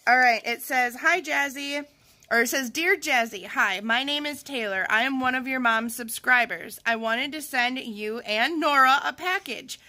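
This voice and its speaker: A woman in her thirties, a mother and vlogger, gushing and gasping with excitement as she opens a gift package at home. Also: sits high, moderate pace. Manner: gushing, gasping, says "oh my gosh" often. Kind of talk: excited unboxing chat.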